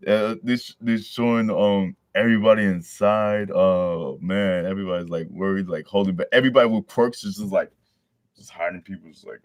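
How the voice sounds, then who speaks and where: A man's voice: low-pitched, steady tone, moderate pace, no echo, clean studio sound. A man casually reading a manga chapter aloud, breaking in with slangy, joking commentary. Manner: slangy, joking asides between read lines. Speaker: manga reader.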